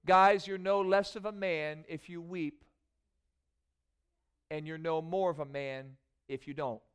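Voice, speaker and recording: A man preaching a sermon in a church, moving from quiet prayer into rising, emphatic preaching. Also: on the high side, steady tone, measured pace, clear, resonant tone. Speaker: pastor. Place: church sanctuary.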